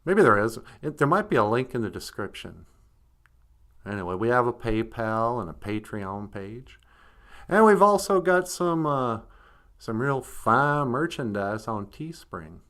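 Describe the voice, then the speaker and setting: A man's voice: mid-range voice, big pitch swings, unhurried, fairly bright tone, pitched below the performer's own voice. A man voicing a serious, polite male dog with a Southern US accent, who stammers and defers to the host. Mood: earnest.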